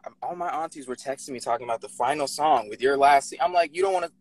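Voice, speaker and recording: A man's voice: medium pitch, fast talker. A playful man chatting on a group video call, joking and mimicking relatives. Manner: playful, does silly voices of relatives. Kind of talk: casual group chat. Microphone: phone on a video call.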